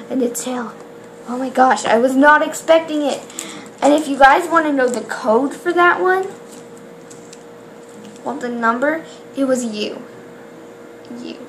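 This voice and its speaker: A woman opening toy blind bags on camera in casual chat, excitable and gasping, who rambles with trailing restarts. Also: high-pitched, a little hiss or hum. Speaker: toy unboxing vlogger.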